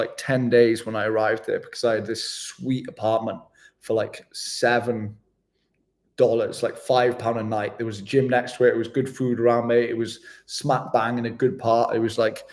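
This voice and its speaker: A young man with a Welsh accent talks casually to his viewers on a travel vlog stream. He is relaxed and chatty, full of slang, with a voice pitched right in the middle of the range. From Wales. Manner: laid-back, chatty, slangy, laughs often. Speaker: travel vlogger. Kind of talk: casual livestream chat reading comments.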